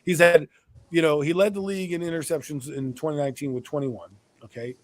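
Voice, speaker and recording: A man's voice: a little high, fairly even intonation, fairly quick. A man hosting a casual sports podcast, opinionated and blunt, swearing freely as he gives his predictions. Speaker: podcast host.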